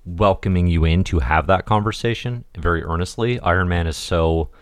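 A man's voice: deep voice, normal speed, dry recording. A man co-hosting a podcast, thinking aloud in easygoing casual chat. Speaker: podcast co-host.

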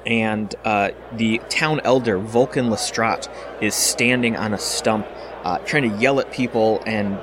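A man's voice: fairly low pitch, noisy background. A man narrating a tabletop game as dungeon master, with frequent fillers. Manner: steady narration with many fillers.

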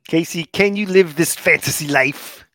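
A man's voice: on the high side, moderate pace, bright, forceful tone, dry recording. An upbeat man co-hosts a sports podcast and works through stats and picks in casual banter. The sound is close and dry. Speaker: podcast co-host.

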